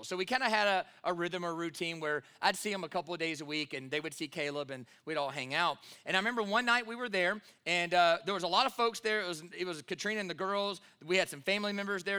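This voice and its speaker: A man in his thirties preaching a sermon as pastor, telling a story in a relaxed way with many fillers and then pressing his point with emphasis. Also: high-pitched, clean tone.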